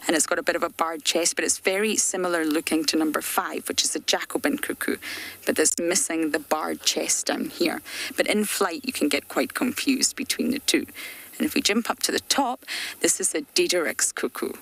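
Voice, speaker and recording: A woman safari guide giving chatty, explanatory live commentary from a game-drive vehicle outdoors, sometimes dropping to hushed asides. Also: low voice, normal speed, vocal fry.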